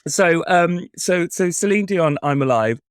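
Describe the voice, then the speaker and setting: A man's voice: high-pitched, lively intonation, measured pace, smooth, no room sound, clean studio sound. Playful camp man hosting a chat. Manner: camp, playful, breaks into sung snatches and impressions. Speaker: podcast host. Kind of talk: casual chat.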